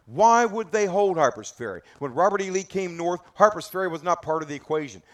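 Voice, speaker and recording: Rhetorical questions fly as this battlefield tour guide leads a group through a history talk at an outdoor historic site. He's dramatic and emphatic, speaking fairly quickly with hardly any pauses. His voice sits high and is very animated.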